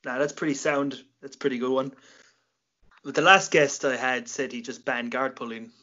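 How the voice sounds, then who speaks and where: A man's voice: mid-range voice, fairly even intonation, moderate pace, sharp tone, highs cut off. A young Irish man hosting a casual late-night podcast, swearing freely and laughing at his own jokes. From Ireland. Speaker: podcast host.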